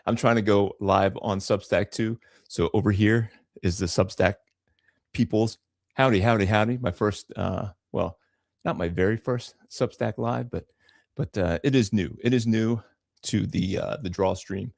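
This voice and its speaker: A man's voice: on the low side, unhurried, gravelly, a little mellow, dry recording, studio quality. A man hosting a live drawing stream from home, rambling casually with many fillers and repeated words. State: a little out of breath. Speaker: comic artist hosting a live draw stream. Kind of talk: casual livestream chat.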